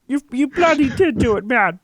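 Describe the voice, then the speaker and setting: Man doing a high, intense, weepy male psychologist, mild swearing. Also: lively intonation, normal speed, fairly bright tone, no room sound, clean studio sound, heavily acted. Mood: lecturing. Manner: earnest lecturing, swears mildly. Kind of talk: comedic impression.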